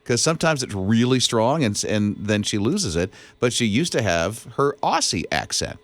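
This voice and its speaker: A male radio co-host trades stories in relaxed morning-show banter, his pitch leaping up and down as he gets animated. The studio mic sounds close and dry, with no room around him. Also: moderate pace, no room sound. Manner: animated storyteller, laughs easily. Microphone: studio microphone.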